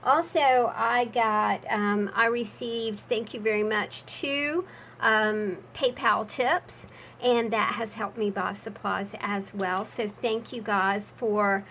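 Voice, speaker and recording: A woman's voice: mid-range voice, fairly even intonation, takes it slowly, a bit bright, a little hiss or hum, low-quality recording. A woman talking through her handmade journals in a casual crafting vlog, chatty and prone to rambling asides.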